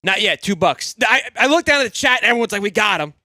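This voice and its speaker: A young man hosting a live fan sports show, excitable and rambling, swearing freely and swinging from loud hype to low grumbling. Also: quick pace, no room sound, clean studio sound. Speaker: sports podcast host.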